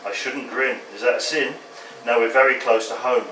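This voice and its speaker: A man reading his own poems at a pub open mic, in a wry, deadpan way. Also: mid-range voice, normal speed, crowd noise. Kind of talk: poetry reading. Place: pub function room. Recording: roomy pub from a distant mic with background noise.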